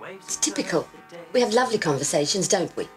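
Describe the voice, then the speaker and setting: An Australian actress playing a middle-aged mother in a 1970s film drama who scolds her family in a brisk way. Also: lowish voice, big pitch swings, music in the background. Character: nagging middle-aged suburban mum.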